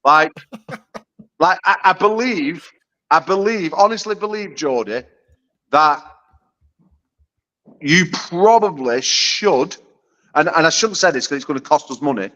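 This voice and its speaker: A man's voice: on the high side, lively intonation, measured pace, pauses often, bright, forceful tone, poor audio. A British man trash-talking in a brash, profane, casual chat as a guest on a video call. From United Kingdom. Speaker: arm wrestler guest.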